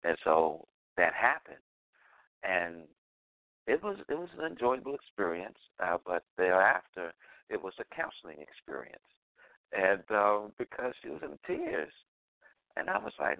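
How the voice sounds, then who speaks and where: A man's voice: sits low, big pitch swings, a little slow, gravelly, dry recording. A man co-hosting a call-in talk show, telling a story in a loose, chuckling way and repeating his phrases. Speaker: co-host. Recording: dry tinny phone line.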